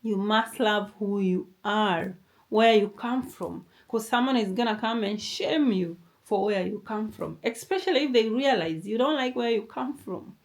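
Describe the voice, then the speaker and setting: A woman's voice: mid-range voice, a little slow. A young adult woman with a non-native English accent giving a motivational talk to camera. She talks emphatically and repeats herself, now and then calling the listener darling. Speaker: motivational vlogger.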